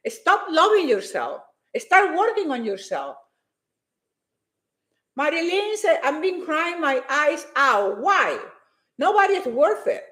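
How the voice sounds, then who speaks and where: Emphatic high-voiced woman motivational speaker. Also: fairly bright tone, reverberant. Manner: emphatic, repeats phrases, reads out viewer comments. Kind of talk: motivational live stream talk.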